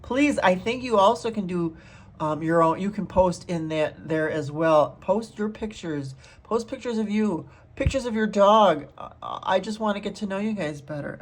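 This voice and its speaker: Female art vlogger, relaxed slow talker, lowish voice, effusive self-talk while working. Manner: gushing, self-talking, laughs often. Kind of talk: casual chat while painting.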